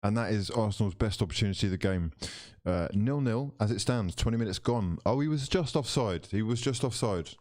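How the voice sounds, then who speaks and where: A man doing live commentary for his football watchalong stream, switching between mock commentator patter and loud, excited outbursts. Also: lowish voice, fairly quick, no room sound, clean studio sound.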